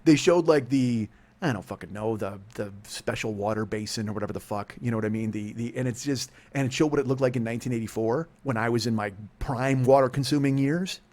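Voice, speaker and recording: A man's voice: mid-range voice, a little fast, darkish tone. A man in his forties hosting a comedy podcast, ranting in a rambling, profane way and laughing through his own bits. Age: 40s. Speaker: podcast host.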